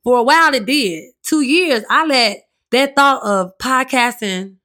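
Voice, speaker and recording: A woman with a raspy voice hosting her own podcast, telling her story in a candid, chatty way and swearing freely. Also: high-pitched, a little slow, pushed and bright. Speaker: podcast host. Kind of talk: casual solo podcast monologue.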